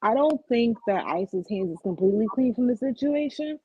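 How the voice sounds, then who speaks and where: Husky woman caller on a dull call line. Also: on the high side, animated, moderate pace, dry recording. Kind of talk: casual chat.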